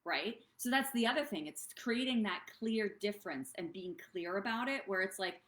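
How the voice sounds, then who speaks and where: A woman's voice: medium pitch, expressive, moderate pace, few pauses, a bit bright, echoey room. A woman coaching other business owners on a live stream, talking in a bubbly, rambling way that drifts off track. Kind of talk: casual live-stream talk.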